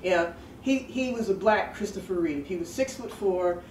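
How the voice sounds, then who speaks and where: A woman's voice: fairly low pitch, normal speed, a little mellow. A woman telling a personal story in a chatty, digressive way, laughing at herself as she goes. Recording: roomy sound from a distant mic with faint background noise.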